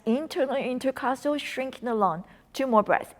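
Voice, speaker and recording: A woman's voice: high-pitched, expressive, moderate pace. Woman coaching a breathing lesson. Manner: coaching, encouraging, slips into soft whispers on cues. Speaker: wellness instructor.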